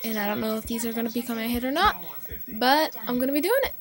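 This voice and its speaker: A woman's voice: fairly high pitch, animated, fast. A young woman vlogging into her phone from a car, rambling casually with lots of fillers. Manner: chatty, rambling, with many fillers. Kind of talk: casual chat to camera. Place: parked car. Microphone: phone camera.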